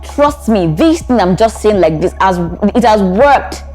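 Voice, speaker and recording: A woman with a Nigerian accent giving relationship advice in a vlog, animated and acting out both sides of arguments. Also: mid-range voice, unhurried, faint music behind. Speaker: relationship coach.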